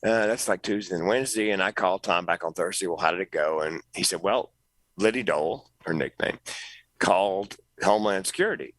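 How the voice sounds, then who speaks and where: A middle-aged man, a comedian, telling an animated story as a podcast guest, jumping up in pitch when he quotes people. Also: fairly quick, no room sound, poor audio. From North Carolina, US. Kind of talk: storytelling interview.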